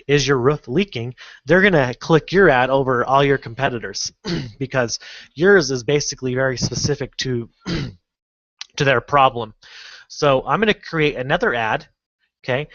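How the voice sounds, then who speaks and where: A man teaching an online course in a casual, halting screen-recorded tutorial, full of fillers and restarts. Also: mid-range voice, expressive, fairly bright tone, no room sound, lo-fi sound. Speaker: online marketing instructor.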